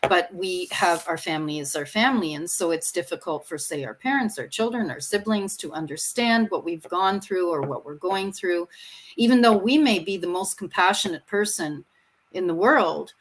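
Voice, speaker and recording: A woman's voice: fairly low pitch, expressive, moderate pace. A woman co-hosting a talk show, speaking reflectively and often checking in with "right?" and "you know". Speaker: co-host. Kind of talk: reflective conversation.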